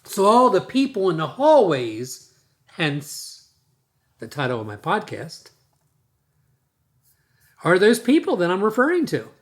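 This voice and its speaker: A man talks straight to his listeners as a dentist hosting his own podcast. His voice sits a touch high and swings widely in pitch as he stresses his points. He speaks bluntly and emphatically, often restarting his sentences. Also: wildly swooping pitch, unhurried, pauses often. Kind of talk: podcast monologue on leadership.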